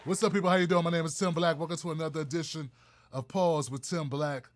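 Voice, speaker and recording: High-voiced man hosting a live stream. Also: fairly even intonation, fast, a faint crowd, a little hiss or hum. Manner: loose, chatty, greeting viewers by name. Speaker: host. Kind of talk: casual live-stream talk show.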